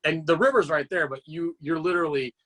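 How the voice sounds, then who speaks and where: A man's voice: a little high, quick pace. A man guest on a podcast, telling long casual stories with many fillers and restarts. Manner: animated rambling anecdotes with frequent fillers. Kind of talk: casual storytelling chat.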